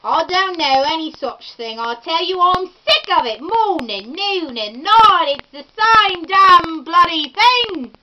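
A woman's voice: very high-pitched, animated, slow pace, hardly any pauses, a little hiss or hum, voice pushed up, full character voice, poor audio. Woman putting on a fed-up Cockney woman. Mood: indignant. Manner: loud, exasperated complaining. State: tipsy.

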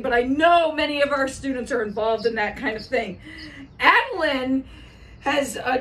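A woman's voice: sits high, a bit bright. A middle-aged woman, a school lunch lady, giving casual morning announcements in a chatty, giggly way, laughing often. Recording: distant mic with faint ambient noise.

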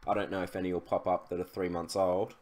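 Chatty young man, fairly low. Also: flat delivery, quick pace, darkish tone. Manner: chatty, loose, with many fillers and restarts. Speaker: e-commerce YouTuber. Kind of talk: casual screen-share tutorial.

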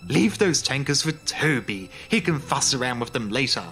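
A man's voice: medium pitch, sing-song, moderate pace, bright, forceful tone, faint music behind. Man doing a bossy haughty diesel railcar lady. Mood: scolding. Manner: imperious, scolding.

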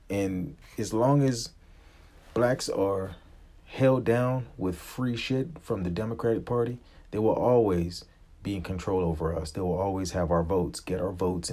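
A man's voice: low-pitched, mellow, breathy edge. A man in his forties from the United States, a vlogger giving a blunt, profane, impassioned opinion rant to camera.

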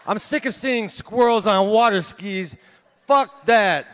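A man in his thirties doing a stand-up set on a theater stage, delivering deadpan one-liners that trail off into small laughs at himself. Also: high voice, a little slow. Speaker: stand-up comedian. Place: large theater stage, live audience.

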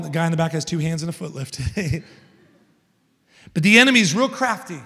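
A man in his thirties preaching a sermon as a guest speaker, telling a family story and building to loud, emphatic points. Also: on the high side, lively intonation, moderate pace. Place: large church hall. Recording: long church hall reverb.

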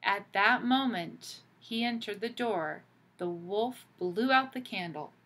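A woman teacher reading a picture book aloud to children, pausing gently to ask them questions. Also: mid-range voice.

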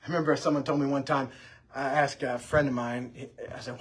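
Husky man, Bible class teacher, chatty anecdotal delivery. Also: fairly high pitch, fast talker. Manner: conversational, anecdotal, lively delivery. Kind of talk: informal church class teaching. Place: church classroom.

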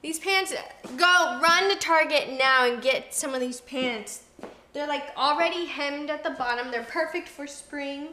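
A woman in her twenties co-hosting a casual livestream from a home kitchen, chatty and animated. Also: high voice, slight background noise. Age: 20s. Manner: chatty, quick and animated, lots of "like". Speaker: co-host of a livestream. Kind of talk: casual chat.

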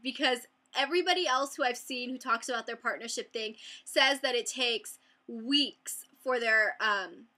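A woman's voice: on the high side, sharp tone. A young woman chatting to camera in a casual vlog, bubbly and rambling with lots of fillers. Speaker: beauty vlogger.

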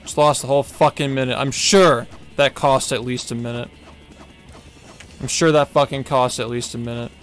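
A man's voice: mid-range voice, fairly even intonation, moderate pace, soft background music. A man streaming a game, ranting in a fury and swearing heavily, repeating himself over and over. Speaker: speedrunner streamer. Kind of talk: angry rant while live-streaming a game.

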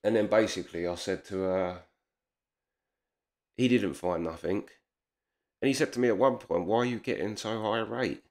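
A man's voice: on the low side, quick pace. A man telling a heated personal story in casual speech, swearing often and acting out the dialogue. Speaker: storyteller vlogger.

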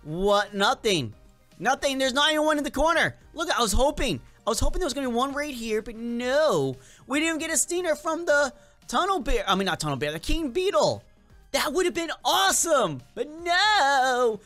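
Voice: high-pitched, sing-song, normal speed, fairly bright tone, soft background music. A gaming video creator with a slight accent and a lingering cold, giving playful, chatty gameplay commentary straight to viewers.

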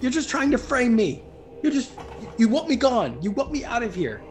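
A man voicing a nervous, sheepish man who stammers and protests his innocence. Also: big pitch swings. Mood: defensive. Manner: stammering, high-pitched, rapid protests. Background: faint background music.

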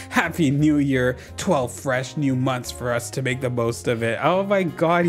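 A gaming YouTuber giving casual let's-play commentary, excitable and dramatic, using lots of slang and talking to the characters on screen. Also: mid-range voice. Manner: talks to game characters while playing.

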